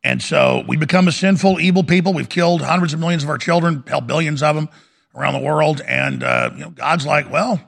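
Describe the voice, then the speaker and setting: A radio talk show host with a gravelly, fairly bright voice pitched fairly high speaks briskly. He delivers an urgent, fiery monologue packed with repetition.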